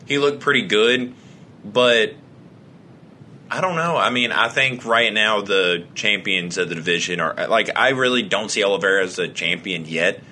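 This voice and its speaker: A man's voice: lowish voice, moderate pace, sharp tone, slight background noise. A young man co-hosting a casual podcast chat, joking, swearing and laughing often. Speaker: podcast co-host.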